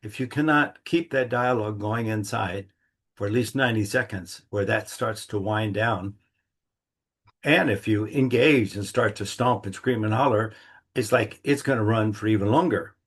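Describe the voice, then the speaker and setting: A man's voice: lowish voice, breathy edge. A middle-aged man giving a casual, rambling monthly talk, acting out little inner dialogues in a folksy way. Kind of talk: casual reflective monologue.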